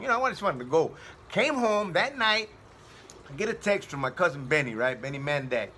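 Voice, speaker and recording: Animated, slangy man telling a story. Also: sits high, fairly quick, a little hiss or hum. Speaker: comedian. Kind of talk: casual storytelling monologue.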